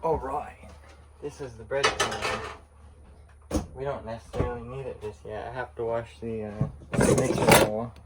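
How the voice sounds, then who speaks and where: A man's voice: mid-range voice, measured pace. Guy cooking in his kitchen talking to a camera on the counter, dry jokes, pretty noisy recording. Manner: relaxed, matter-of-fact, dryly joking. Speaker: vlog host cooking. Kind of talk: casual chat while cooking. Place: home kitchen. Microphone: fixed camera on the counter.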